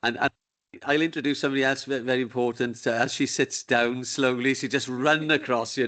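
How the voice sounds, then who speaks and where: A man chairs a council committee meeting in a relaxed, genial manner, joking with the members. His ordinary middle-pitched voice, nothing unusual about it, comes a little fast and is picked up by a desk microphone in a meeting room.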